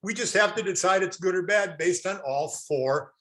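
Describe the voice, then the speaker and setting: A man's voice: sits high, normal speed, bright, forceful tone. A man lecturing a classroom, quizzing his audience and answering his own questions with folksy jokes. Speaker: real estate instructor.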